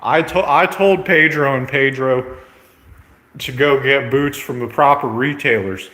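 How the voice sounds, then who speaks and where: A man's voice: medium pitch, measured pace, bright, forceful tone. A man ranting in a brash, profane, comedic vlog, repeating himself and tagging lines with "okay?". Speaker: vlogger. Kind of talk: rambling comedic rant.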